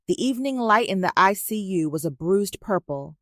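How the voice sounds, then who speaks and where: A woman narrating a scripted story in a measured, even way, recorded on a close mic. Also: mid-range voice, no echo.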